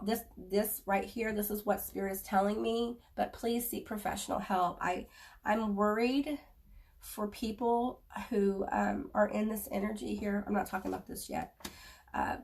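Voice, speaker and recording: A woman giving a spoken tarot reading to viewers, earnest and halting, offering gentle reassurance. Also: medium pitch, vocal fry, far from the mic. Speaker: tarot reader.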